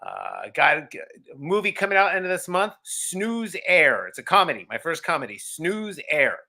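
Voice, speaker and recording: A man chatting as a guest on a sports podcast, excitable and hyped. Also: high-pitched, moderate pace. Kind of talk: casual sports podcast chat.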